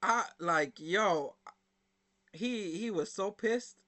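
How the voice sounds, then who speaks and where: High, bright-voiced young man rambling casually. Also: slow pace. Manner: rambling, chatty, many fillers and slang. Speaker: reaction video host. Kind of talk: casual storytelling to camera.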